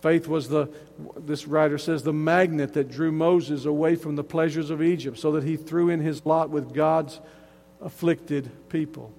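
A man's voice: a little high, steady tone, moderate pace, gravelly, a little mellow, big-room sound. A man preaching a sermon, emphatic and earnest, often restarting his phrases as he builds a point. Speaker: pastor.

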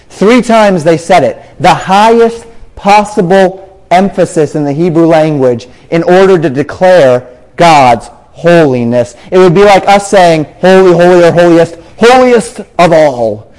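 A man's voice: a little high, expressive, a little slow, darkish tone, rough recording. A man preaching a sermon, explaining scripture and drawing out words for emphasis.

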